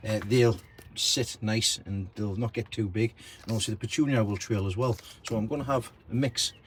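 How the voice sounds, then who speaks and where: A man's voice: lowish voice, fairly even intonation, moderate pace, a little hiss or hum. A man vlogging casually about gardening and plants in his garden, chatty and self-deprecating. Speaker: allotment vlogger. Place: garden and allotment outdoors.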